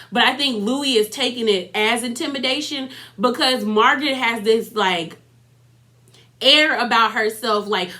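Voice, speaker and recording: A woman's voice: on the high side, sharp tone. A woman recapping a reality TV episode in a sassy, chatty way, laughing often and throwing in mocking asides. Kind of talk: casual recap commentary.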